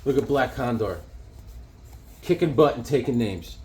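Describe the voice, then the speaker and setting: An excited man talks through his comic collection in a loose, rambling way and chuckles now and then. His pitch sits in a middle range. A faint hiss of background noise runs under the recording. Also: unhurried. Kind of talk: casual show-and-tell chat.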